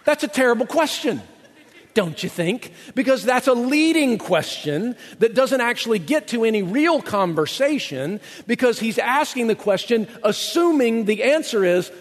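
A man preaching a sermon as pastor, animated, acting out quotes in playful voices. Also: high-pitched, normal speed, big-room sound.

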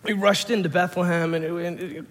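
A man playing a middle-aged former shepherd who tells his story in a halting, heartfelt way. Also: sits high, steady tone. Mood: awed. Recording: long hall reverb.

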